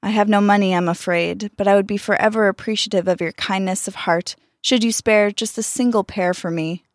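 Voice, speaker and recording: Woman voicing a gentle old monk, polite and pleading, dry close sound. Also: mid-range voice, fairly even intonation, a little fast, no echo, natural voice. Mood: humble. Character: humble hungry old male monk in rags.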